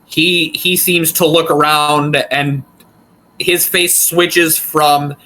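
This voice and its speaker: A man narrating as game master of a tabletop game, describing scenes in an unhurried way. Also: fairly high pitch, flat delivery, bright, forceful tone, poor audio.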